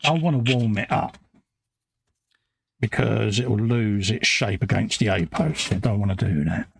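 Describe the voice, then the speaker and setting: A man's voice: on the low side, moderate pace, vocal fry, slight background noise. A British man co-hosting a laid-back, teasing chat while he builds a model. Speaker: co-host.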